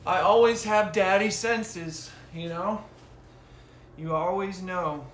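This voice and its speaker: A man chatting casually on a live stream from his home, slow and hesitant with many fillers. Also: high-pitched, steady tone, fairly bright tone, soft background music. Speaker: streamer and musician. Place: home room. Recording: roomy echo, faint room noise.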